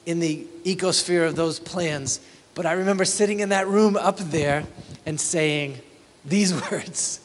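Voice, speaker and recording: A pastor preaching a conversational sermon, often asking the congregation if they feel it. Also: male voice, on the high side, a little slow, long reverb tail.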